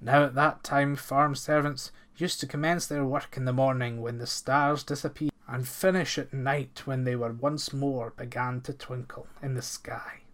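A man narrating an old folk tale in a steady, expressive storybook reading. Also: fairly high pitch.

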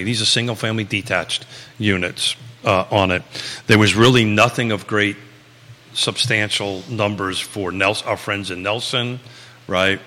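A man in his sixties with a Long Island accent hosts a live talk show. He rambles loosely, with plenty of fillers and restarts. His voice is low-pitched but bright and forceful, and it carries a long reverb. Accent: Long Island New York. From Long Island, New York. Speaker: real estate talk show host.

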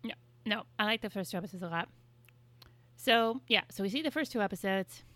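A woman's voice: medium pitch, brisk, a bit bright, dry recording. A woman co-hosting a podcast, telling stories in casual chat with wry swearing. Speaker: podcast co-host.

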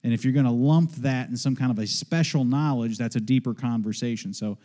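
A male pastor preaching a sermon, emphatic and full of rhetorical questions, sometimes dropping low for quick asides. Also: mellow.

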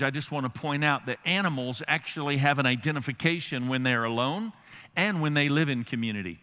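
Bright-voiced pastor in a big hall. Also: male voice, medium pitch. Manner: folksy, humorous, animated asides. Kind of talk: sermon.

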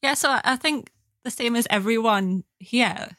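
A woman's voice: a little high, normal speed, pushed and bright, dry recording, clean studio sound. A woman with a South Shields accent, an artist and academic, chatting casually on a panel and laughing often at herself. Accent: South Shields (Sandancer), North East England. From North East England.

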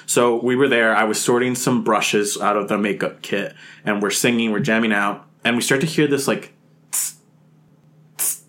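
A man telling a ghost story as a podcast guest, animated and laughing, swearing freely as he acts out his own past reactions. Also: on the low side, normal speed, few pauses. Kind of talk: casual podcast anecdote.

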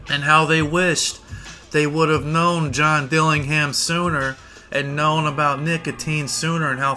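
Bright-voiced man ranting profanely. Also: mid-range voice. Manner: profane, rambling, mock-boastful. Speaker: podcast host. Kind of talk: comedic rant monologue.

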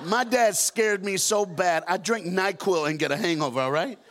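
A man preaching a sermon as a guest speaker, telling stories and acting out the scenes with shouts and deep put-on voices. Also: moderate pace, slight background noise. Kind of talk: storytelling sermon. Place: church auditorium.

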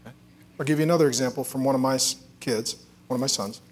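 A middle-aged male pastor preaching in a relaxed, conversational way, telling family stories and cracking self-deprecating jokes. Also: mid-range voice, fast. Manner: joking, self-deprecating storyteller.

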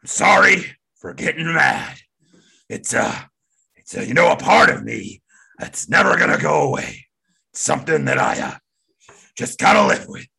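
A man playing an old, hot-tempered male wrestling boss who shouts profane threats in a gravelly voice. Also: medium pitch, wildly swooping pitch, moderate pace, pauses often, exaggerated voice. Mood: subdued apology.

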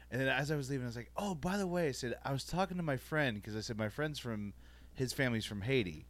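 A man's voice: medium pitch, lively intonation, fast talker, no echo. A man co-hosting a podcast, telling a rambling story in casual chat and laughing through it. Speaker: podcast co-host.

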